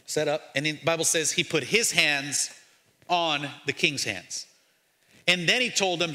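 A man preaching an energetic sermon as pastor, joking and calling out to his congregation in a lively way. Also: a little high, normal speed. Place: church.

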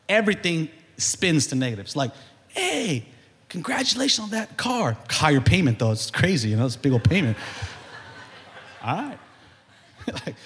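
A man delivers a sermon in a high, swooping voice that climbs to shouts. His tone is bright and sharp. A long church-hall reverb trails behind him. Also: slight background noise. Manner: animated preaching, building to shouts. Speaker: pastor.

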